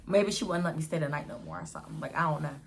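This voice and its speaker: A young woman vlogger telling a casual storytime in an animated, slangy way, acting out what people said. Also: low-pitched, racing, vocal fry, a little hiss or hum.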